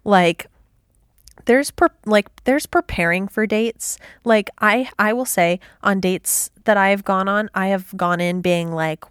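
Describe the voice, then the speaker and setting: A woman's voice: medium pitch, slow pace, smooth, no room sound, clean studio sound. A woman co-hosting a podcast, recapping scenes in a chatty way. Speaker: podcast co-host. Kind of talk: casual chat.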